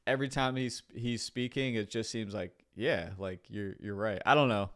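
A man giving casual, excited play-by-play commentary on a basketball game, full of slang. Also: fairly low pitch, normal speed. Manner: excited, chatty, loose slang.

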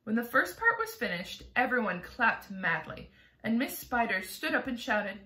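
A woman reading a children's chapter book aloud, expressive and animated. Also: fairly high pitch, moderate pace. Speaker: storybook reader. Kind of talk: storybook read-aloud. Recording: roomy echo.

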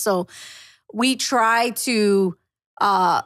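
A woman guest talking candidly about marriage, animated and acting out both sides of her arguments. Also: medium pitch, slow.

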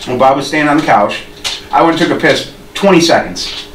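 A man's voice: a little high, animated, a little fast. A man co-hosting a podcast, telling a rambling story with restarts and laughter. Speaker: podcast co-host. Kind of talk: casual storytelling. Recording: roomy, distant mic with faint noise.

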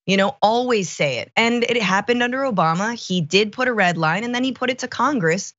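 A woman co-hosting a political commentary show, talking in an animated, sarcastic way with quick asides. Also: mid-range voice, dry recording, muffled recording.

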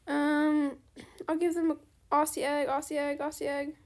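At normal speed, a young gaming channel host with a high voice that turns to gravelly fry chats casually through her gameplay. She's rambling and talkative, often apologetic, and easily excited by anything new.

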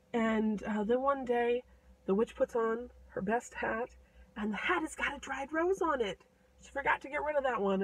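A woman casually retelling a fairy tale with playful asides and quick voices for the characters. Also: sits high, a bit bright, no echo, low-quality recording. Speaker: storyteller.

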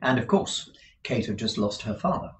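Low, lively male reader in an echoey room. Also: normal speed, a little hiss or hum. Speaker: narrator. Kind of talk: audiobook reading with commentary. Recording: roomy echo.

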